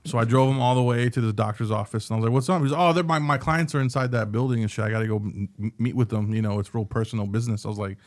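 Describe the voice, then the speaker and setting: A man's voice: racing, few pauses. A man telling a funny story on a podcast, swearing freely and acting out the other people's lines. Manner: animated storyteller, acts out quotes with jumps in pitch, swears freely. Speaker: podcast co-host. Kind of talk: casual storytelling chat.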